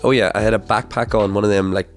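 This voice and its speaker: A man's voice: lowish voice, steady tone, fast, soft background music. Rambling, swearing man. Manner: rambling, swears often, many fillers and restarts. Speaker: podcast host. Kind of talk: casual storytelling monologue.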